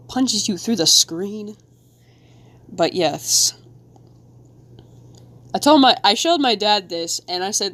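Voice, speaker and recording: A woman's voice: medium pitch, takes it slowly, long pauses. Giggly young woman chatting on stream. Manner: rambling, giggly, talks to chat. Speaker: live-streaming artist. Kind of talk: casual live-stream chat while drawing.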